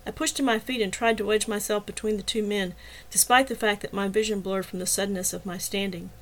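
Woman, first-person novel narration, steady, expressive, mid-pitched voice. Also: fairly quick, low-quality recording. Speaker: audiobook narrator.

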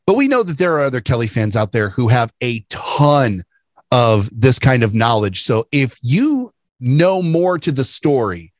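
A man's voice: mid-range voice, sing-song, a little slow, no room sound. A man co-hosting a casual podcast chat, talking in a chatty, jokey way with plenty of laughter. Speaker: podcast co-host.

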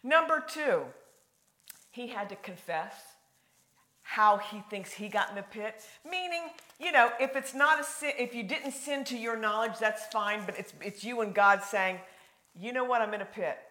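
Lady preacher giving a sermon, chatty and folksy, gets loud then drops real quiet. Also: a little high, moderate pace. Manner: animated, swings from loud emphasis to hushed; conversational, folksy asides.

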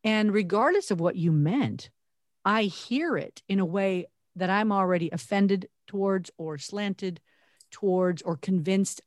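A woman co-hosting a podcast, talking earnestly and reflectively with animated emphasis. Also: lowish voice, no echo, studio quality. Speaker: podcast co-host. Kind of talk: conversational podcast talk.

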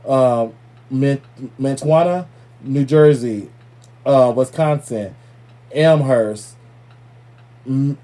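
A man hosting a podcast in loose, profane, playful casual chat, giving listeners shout-outs. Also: mid-range voice, takes it slowly, long pauses. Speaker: podcast host.

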